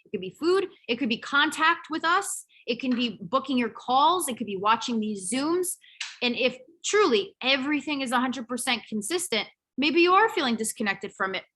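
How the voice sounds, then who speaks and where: Bright-voiced woman coaching her group. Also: high-pitched, expressive, moderate pace, breathy edge. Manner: chatty, candid, with fillers. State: losing her voice. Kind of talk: motivational coaching talk.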